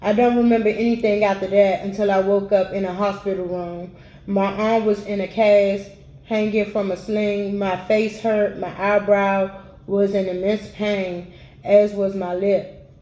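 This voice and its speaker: A woman reading a first-person memoir aloud in a steady read-aloud manner. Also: mid-range voice, unhurried, echoey room, low-quality recording. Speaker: audiobook reader.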